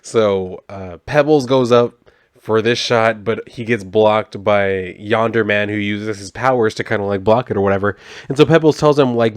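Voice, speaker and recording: A man's voice: on the low side, normal speed, clear, resonant tone, dry recording. A young man casually recapping a comic book, talking loosely with lots of "like" and some swearing, and lightly acting out the characters' lines as he reads them. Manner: chatty, swears, lots of "like", half-acts the quoted lines. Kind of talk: casual comic recap, reading dialogue aloud.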